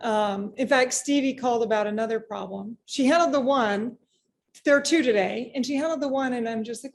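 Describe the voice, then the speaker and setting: Animated woman telling workplace stories. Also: a little high, fairly quick, a little hiss or hum. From United States. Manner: animated, acts out quoted remarks, frequent restarts. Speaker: business owner, guest. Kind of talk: casual interview conversation.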